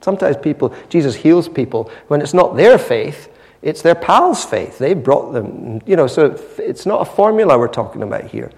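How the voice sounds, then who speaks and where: A man preaching a sermon, retelling a story with lively, dramatic storytelling. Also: a little high, moderate pace, long reverb tail. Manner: animated storytelling, acting out the scene.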